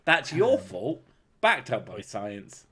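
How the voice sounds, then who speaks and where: A male streamer hosting his channel in crude, joking chat, cursing freely as he goes. His pitch sits mid-range but swings widely as he talks. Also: wildly swooping pitch, slow pace, husky. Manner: crude, swearing, joking loudly. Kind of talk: casual stream banter.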